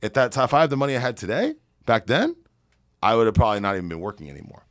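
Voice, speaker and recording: A man's voice: mid-range voice, very animated, racing, a bit bright, dry recording, studio quality. A man guesting on a podcast as a real estate investor, telling brash, boastful stories full of swearing. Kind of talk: profane storytelling on a podcast.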